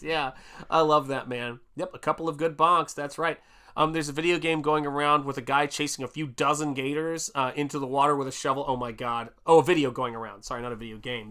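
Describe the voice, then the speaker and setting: A man's voice: fairly high pitch, fairly even intonation, brisk, bright, forceful tone. A middle-aged American man hosting an art livestream, chatting casually and reading viewer comments aloud with lots of exclamations. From United States. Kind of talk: casual livestream chat while painting.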